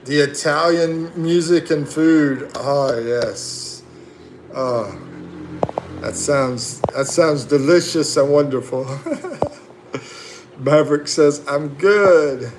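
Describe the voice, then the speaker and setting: A man's voice: fairly high pitch, extremely slow, long pauses, noisy background. A man hosting a casual livestream, reading viewer comments aloud and chatting back with laughs and fillers. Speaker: livestream host.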